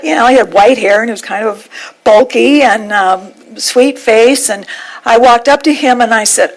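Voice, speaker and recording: A woman minister giving a sermon, telling a heartfelt story with measured pauses. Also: a little high, low-quality recording.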